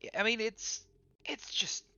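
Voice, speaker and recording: Norwegian male streamer, accented English, sharp clear voice, crude and halting, dry lo-fi mic. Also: no room sound. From Norway. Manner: profane, rambling, with hesitant restarts. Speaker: streamer host. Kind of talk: casual stream chat.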